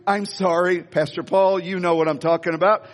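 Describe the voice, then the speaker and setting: A male pastor giving a lively sermon, telling stories and joking with the congregation. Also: sits high, moderate pace. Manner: animated storytelling with audience asides. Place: church hall. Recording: hall reverb.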